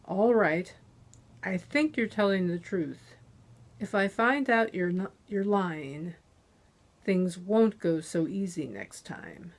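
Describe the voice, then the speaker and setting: A woman reading the lines of a calm, menacing male interrogator in an audiobook, measured and commanding. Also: lowish voice, exaggerated voice. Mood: cold menace.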